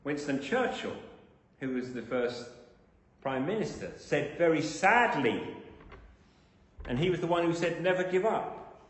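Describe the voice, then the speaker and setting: In an echoey, reverberant church hall, a man preaches to his congregation in a sing-song voice on the high side. He speaks at a measured pace with frequent pauses, building toward emphatic, rising repetition of phrases.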